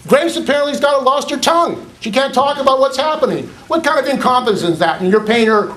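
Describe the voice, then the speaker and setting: A high-voiced man speaks at the podium of a public board meeting. He is indignant and accusatory, and he hammers his points home by repeating them. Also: lively intonation, fast talker, fairly bright tone. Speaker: public commenter.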